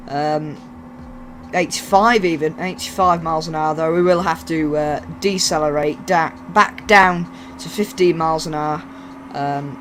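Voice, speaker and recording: Man, casual gameplay commentary, rambling and self-mocking, slightly high voice, faint game noise behind. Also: fairly even intonation, unhurried, a bit bright. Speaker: gaming YouTuber.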